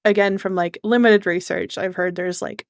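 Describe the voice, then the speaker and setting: A woman's voice: mid-range voice, fairly even intonation, moderate pace, no room sound, clean studio sound. A woman with a Canadian accent hosting a casual interview, asking curious questions. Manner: curious, asks questions, frequent small reactions. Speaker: host.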